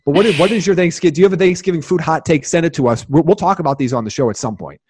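Rambling, excitable male podcast host. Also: fairly high pitch, very fast, a little hiss or hum. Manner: rambling and excitable, with many restarts. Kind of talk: casual podcast chat.

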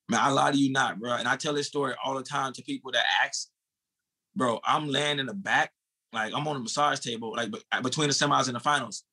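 In a medium pitch that's slightly rough, an American ex-sprinter in his thirties shares a race story. The delivery is animated and casual, full of swearing and "bro" for the host.

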